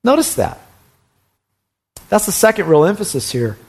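A man preaching a sermon from the pulpit in a fairly high voice. He delivers it with fervor, hammering his key phrases again and again, and his words sometimes tumble into quick stammers as he presses on. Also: big pitch swings, a little mellow, slightly rough. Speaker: pastor.

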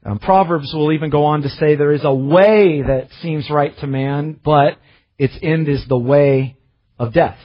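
A man's voice: on the high side, measured pace, muffled recording. A man preaching a sermon in an earnest, self-searching way, often restarting his phrases.

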